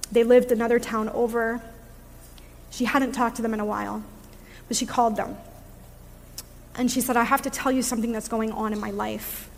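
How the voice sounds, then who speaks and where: A woman with a fairly high voice delivers a sermon, reflective and conversational, with small fillers along the way. Her words carry a long reverb, as in a large church hall. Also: a little hiss or hum. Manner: reflective, with fillers and gentle laughs. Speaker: preacher. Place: church sanctuary.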